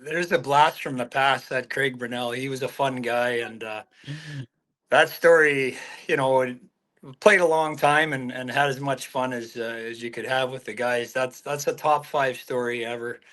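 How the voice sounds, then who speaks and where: A man appearing as a podcast guest who remembers old teammates in a relaxed, casual way. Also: mid-range voice, moderate pace. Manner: relaxed, reminiscing. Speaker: podcast guest, hockey scout. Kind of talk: casual chat.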